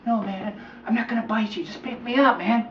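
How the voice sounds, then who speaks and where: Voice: mid-range voice, brisk, a little hiss or hum, voice pushed up, lightly acted. A storyteller voicing a sly male rattlesnake who casually coaxes a boy into carrying him. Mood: reassuring. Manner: wheedling, casual, says "man". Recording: dull roomy recording from a distance.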